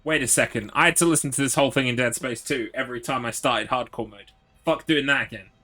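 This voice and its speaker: A man's voice: mid-range voice, quick pace, bright, forceful tone. Male streamer, casual live chat over gameplay, rambling anecdotes, swears a lot. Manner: rambling, swears freely, chatty asides. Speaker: streamer playing a horror game.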